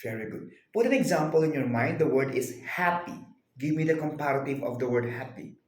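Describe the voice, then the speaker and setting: A man's voice: a little high, animated, fairly quick. A male tutor patiently drilling a student on grammar rules, repeating answers back. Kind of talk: one-on-one grammar lesson. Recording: very echoey room.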